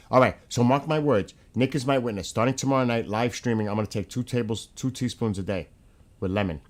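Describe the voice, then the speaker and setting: A man hosting a casual livestream, talking straight to his chat in a hurried, rambling way. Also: medium pitch. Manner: rushed, talks to chat directly. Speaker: livestream host.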